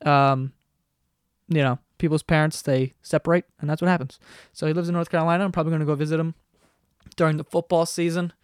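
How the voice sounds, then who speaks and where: Young man, twenties, podcast host, rambling, profane, self-deprecating, smooth voice, dry close mic. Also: a little high, flat delivery, fast talker, no echo. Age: 20s. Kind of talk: casual solo podcast chat. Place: basement bedroom at home. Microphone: podcast microphone.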